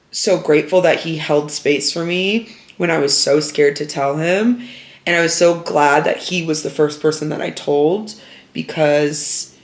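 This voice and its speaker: A woman's voice: low-pitched, echoey room. A young woman vlogger telling a personal story to camera, open and earnest, with lots of fillers.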